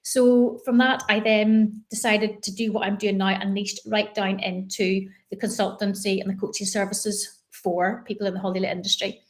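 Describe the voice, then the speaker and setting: A woman from Northern Ireland with a Northern Irish accent, a business coach talking in a chatty, animated way as an interview guest. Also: medium pitch, normal speed, hardly any pauses. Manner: chatty, animated, many fillers and restarts. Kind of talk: conversational interview.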